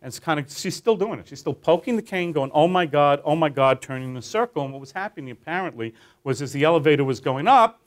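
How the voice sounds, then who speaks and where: A man's voice: fairly high pitch, fast talker, hardly any pauses. A man leading a training class through a guided teaching tale, talking animatedly and quizzing his listeners. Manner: animated, addresses listeners with questions.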